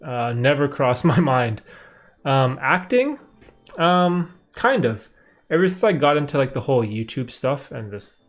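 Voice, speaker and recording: A young Canadian-raised man chatting casually to camera on a live stream, circling his points with "like" and "you know" and restarting sentences. His voice sits at an ordinary middle pitch. Soft music plays faintly underneath. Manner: rambling, many fillers and restarts. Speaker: livestream host answering viewer questions.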